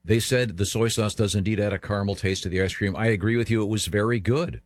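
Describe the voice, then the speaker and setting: A man's voice: lowish voice, steady tone, fast, dry recording. A man co-hosting a casual talk show, making dry, wry jokes. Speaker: co-host. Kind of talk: casual radio chat.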